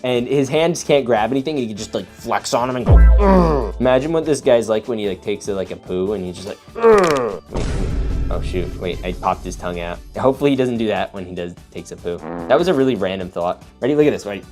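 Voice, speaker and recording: A young man hosting a casual toy unboxing, talking in an excitable, slangy way as he reacts while building. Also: on the low side, fast talker, over music.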